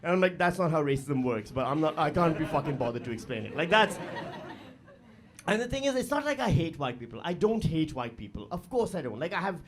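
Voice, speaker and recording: A man performing a stand-up comedy set on stage, animated, with loud bursts and mocking voices. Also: a little high, brisk, crowd noise. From Pakistan. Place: live comedy venue with audience.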